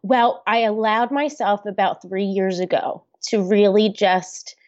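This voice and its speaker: A woman's voice: medium pitch, fairly even intonation, unhurried, a little mellow, dry recording. Woman guest, candid and earnest, fillers and restarts, dry lo-fi sound. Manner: open, earnest, talks with many restarts and fillers. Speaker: podcast guest. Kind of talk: candid conversational interview.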